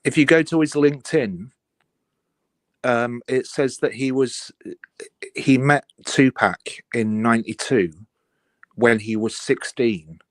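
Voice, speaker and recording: A man's voice: medium pitch, slow pace, pauses often, dry recording. A man calling in to a live stream, polite and methodical as he lays out details point by point. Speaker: caller. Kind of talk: casual call-in chat.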